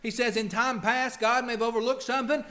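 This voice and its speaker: A man's voice: very high voice, brisk. A male preacher delivering a sermon, reading scripture and acting out pleading voices. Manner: animated, acts out pleading voices and quotes scripture.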